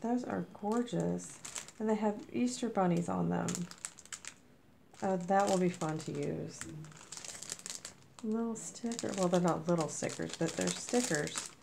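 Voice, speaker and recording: A woman vlogger, a little under the weather, gushing as she opens mail, with a squeaky voice. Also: measured pace, gravelly, long pauses, warm tone, slight background noise. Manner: gushing, effusive. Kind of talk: casual unboxing chat.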